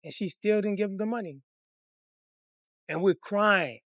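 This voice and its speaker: High-voiced man telling a story. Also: unhurried, no room sound, studio quality. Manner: profane, animated, conversational. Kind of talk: comedic personal storytelling.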